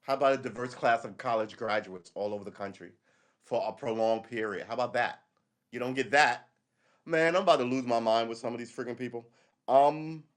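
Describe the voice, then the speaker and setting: Blunt, profane man ranting on a stream. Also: medium pitch. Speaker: livestream host. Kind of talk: casual ranting monologue.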